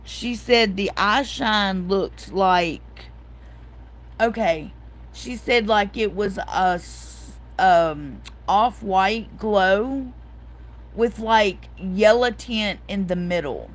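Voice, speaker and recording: A woman's voice: mid-range voice, extremely slow, low-quality recording. A woman, hosting a casual livestream chat, telling a story and reading out viewer comments. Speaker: host.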